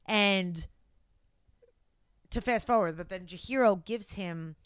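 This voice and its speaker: A woman's voice: slow, clear, resonant tone, dry recording. A woman co-hosting a podcast, chatting animatedly through a film recap and leaning into the story. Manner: animated, acts out quotes in a high frantic voice. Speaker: podcast co-host. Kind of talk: casual chat recapping a film.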